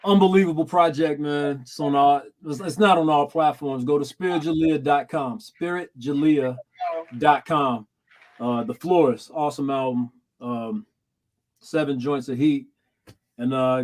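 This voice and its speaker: A man co-hosting a podcast, telling stories in casual slangy chat and laughing often. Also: medium pitch. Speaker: podcast co-host.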